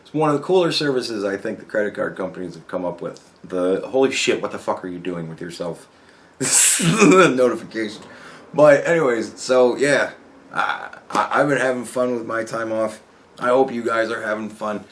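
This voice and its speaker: A man's voice: lowish voice, normal speed. A young man rambling casually in a vlog, swearing a lot, laughing often and acting out his stories. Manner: profane, laughs often, animated storytelling. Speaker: vlogger.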